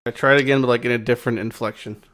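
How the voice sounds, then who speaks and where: A man hosting a gaming channel, giving casual gameplay commentary in a relaxed way with filler words. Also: medium pitch, rapid-fire.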